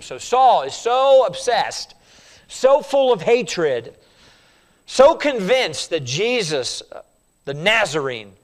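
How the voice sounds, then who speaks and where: A man preaching a sermon, emphatic and repetitive, putting questions to his congregation. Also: high-pitched.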